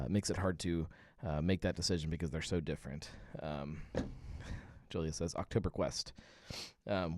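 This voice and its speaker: A man's voice: sits low, darkish tone, no echo. A man hosting a casual live beer-tasting stream, rambling with many fillers and reading viewer comments aloud. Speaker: livestream host.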